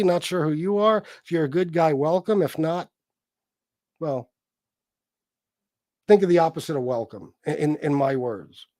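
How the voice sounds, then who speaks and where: A man hosts a live stream and reads the chat as it comes in, swearing constantly and snapping at the people who bother him. His voice sits a bit high for a man. The sound is dry and close-miked, with no room echo. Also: darkish tone. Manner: angry, combative, heavy swearing. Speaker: livestream host reading chat. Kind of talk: profane live-stream rant and shout-outs.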